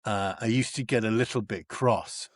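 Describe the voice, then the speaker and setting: A man from North East England, a comedian and actor chatting as a guest and acting out the people in his stories with big leaps in pitch. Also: normal speed, dry recording, clean studio sound. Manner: animated storyteller who acts out quoted people with big pitch jumps. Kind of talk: casual chat.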